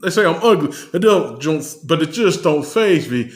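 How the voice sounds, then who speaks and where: A man's voice: on the high side, lively intonation, moderate pace, voice pushed up, natural voice. A man putting on the voice of a brash, boastful male rapper persona, rapping lyrics in a playful, exaggerated way. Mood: cocky. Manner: playful, exaggerated rap delivery.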